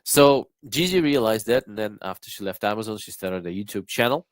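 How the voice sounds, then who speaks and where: A congested, slightly croaky man co-hosting a live stream on a video call, relaxed and full of fillers. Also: on the low side, brisk, no room sound. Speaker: co-founder and interview coach.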